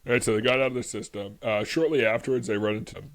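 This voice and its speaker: A man co-hosting a history podcast in a relaxed, chatty way. He rambles through the story with constant "like"s and quick bursts of laughter. His voice sits at an ordinary middle pitch. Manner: rambling, lots of "like", laughs often. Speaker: podcast co-host. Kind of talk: casual history chat.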